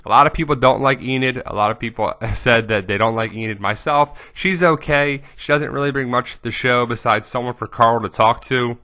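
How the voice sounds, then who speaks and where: A man's voice: mid-range voice, fairly quick, hardly any pauses, bright, forceful tone, dry recording, studio quality. A man hosting a casual fan commentary, chatty and offhand as he runs through a list. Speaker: host.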